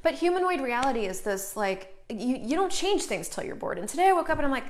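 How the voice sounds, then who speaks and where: A woman with a fairly high voice hosts a live stream in a loose, chatty way. She greets viewers mid-thought and drives her points home with emphatic, sometimes salty words. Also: sing-song, fast talker, few pauses, a little hiss or hum. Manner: swears casually, emphatic. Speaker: host of a live online show, facilitator.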